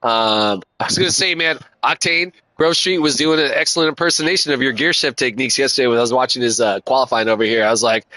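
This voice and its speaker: A man chatting live on a racing game stream, loose and slangy, swearing freely and calling everyone dude and man. His voice is bright and forward, close to the mic in a dry, dead room. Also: medium pitch, quick pace, hardly any pauses, dry recording, rough recording. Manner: laid-back, slangy and profane, calls everyone dude and man. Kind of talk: casual live-stream chat.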